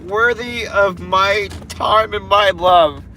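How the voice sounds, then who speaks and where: A man's voice: high-pitched, takes it slowly, sharp tone, a little hiss or hum. A man livestreaming, giving viewers an earnest, emotional pep talk full of swearing.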